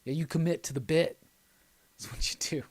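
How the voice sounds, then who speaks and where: A man's voice: a little high, normal speed, a little mellow, husky, dry recording. A man hosting a live stream, chatting casually in a loose, rambling, jokey way and reading out viewer comments.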